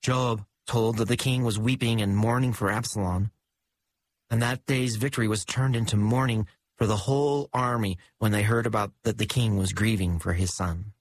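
Solemn low-voiced man reading scripture. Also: steady tone, normal speed, low-quality recording. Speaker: liturgical reader. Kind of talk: scripture reading and chanted responsory.

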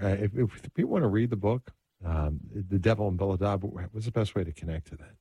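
A man's voice: fairly low pitch, brisk, slightly rough, dry recording. A man hosting a radio talk show, introducing his guest and announcing a break. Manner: announces breaks and phone lines in a steady host manner. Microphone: studio microphone.

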